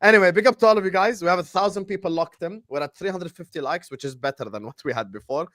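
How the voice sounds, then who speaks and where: A man's voice: sits high, fast, fairly bright tone, no room sound, studio quality. A young man hosting a casual football chat, bantering with his co-hosts and reading fan messages aloud. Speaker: podcast host.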